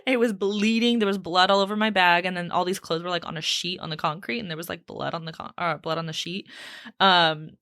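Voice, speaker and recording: A young woman chats her way through a solo podcast episode in a small home studio. She is lively and animated, and her voice swoops up high whenever she quotes someone. The close mic sound is dry, with no room echo. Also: a little fast. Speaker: podcast host. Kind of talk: casual solo podcast chat.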